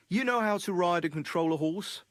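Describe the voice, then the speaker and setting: A man's voice: high voice, a bit bright, no room sound. An actor playing a scheming male horse dealer in a video game, with a wheedling, conspiratorial way of selling his deals. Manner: wheedling, conspiratorial sales talk.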